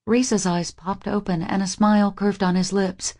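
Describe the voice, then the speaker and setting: A young woman narrating a first-person romance audiobook in an intimate, even manner. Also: medium pitch, normal speed, few pauses.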